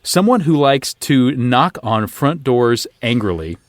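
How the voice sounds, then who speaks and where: A man on a comedy improv panel, spinning absurd ideas with deadpan delivery. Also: mid-range voice, unhurried, dry recording.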